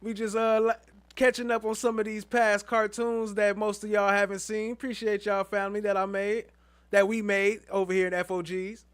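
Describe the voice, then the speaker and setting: Streamer, casual and hyped, mid-pitched voice, laughs a lot while reading chat. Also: little pitch movement, moderate pace. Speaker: livestream host.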